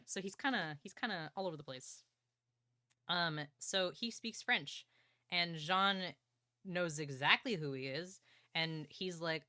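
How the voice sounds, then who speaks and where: A young woman streamer casually recapping a novel, excited and swearing, acting out characters' lines. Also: sits low, normal speed, no room sound, clean studio sound. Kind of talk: casual book recap chat.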